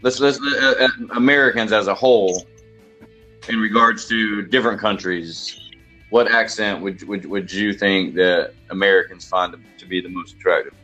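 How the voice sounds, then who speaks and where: A man's voice: on the low side, normal speed, bright, forceful tone, faint music behind, poor audio. A man with a Southern US accent hosting a casual podcast chat, rambling and joking with many restarts. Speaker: podcast host.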